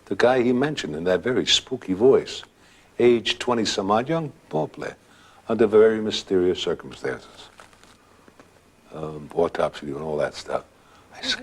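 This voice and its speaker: Deep husky man telling a ghost story. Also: sing-song, normal speed. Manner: dramatic, conversational storytelling. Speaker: guest storyteller. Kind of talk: spoken ghost anecdote.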